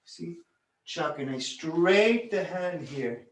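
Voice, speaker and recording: Slow-speaking man teaching in a roomy hall. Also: on the high side. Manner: calm, unhurried, counts and chants rhythm sounds while demonstrating. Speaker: bodywork teacher. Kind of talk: hands-on teaching demonstration. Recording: echoey room, voice from a distance.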